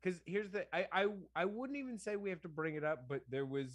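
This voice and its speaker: A young man co-hosting a casual wrestling chat, excitable and quick to laugh. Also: sits high, no room sound. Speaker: co-host.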